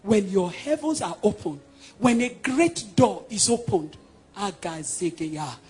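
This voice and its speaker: A man's voice: sits high, sing-song, unhurried, husky. Man, Nigerian accent, preacher, emphatic sermon delivery, faint music underneath. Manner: emphatic, swinging between loud declarations and hushed passages.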